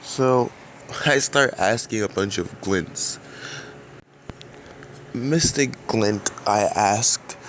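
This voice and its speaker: A man's voice: on the low side, very slow, pauses often, fairly bright tone, slight background noise. A man giving casual, rambling commentary over game footage in a dry, drowsy way. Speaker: gaming video creator.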